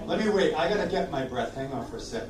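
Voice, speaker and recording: Male sing-along host, jokey patter between songs, animated, roomy distant recording with instruments. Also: fairly high pitch, quick pace, music in the background. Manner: jokey, chatty, coaxes the audience to sing. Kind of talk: live oldies sing-along show with banter. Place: community room at a senior living residence.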